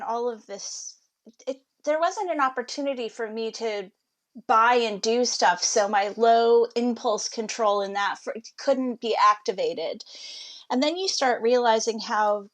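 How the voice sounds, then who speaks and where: Woman, interview guest, fairly high voice, chatty and reflective. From United States. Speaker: podcast guest, author. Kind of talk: interview storytelling.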